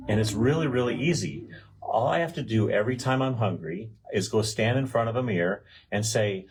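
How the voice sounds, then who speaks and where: A man's voice: fairly low pitch, normal speed. A man telling a rehearsed joke on a live stream, a little nervous about getting it right.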